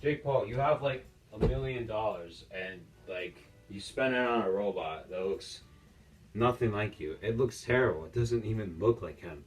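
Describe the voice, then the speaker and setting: A man's voice: lowish voice, moderate pace. A young man giving casual, mocking reaction commentary as a YouTuber, joking and ranting about the clips he watches. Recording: distant mic with faint music.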